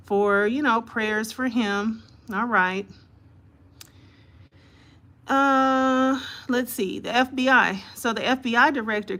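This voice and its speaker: Her voice medium-pitched, bright and forceful, a female live-stream host stumbles through news reports with plenty of filler words while calling out viewers by name.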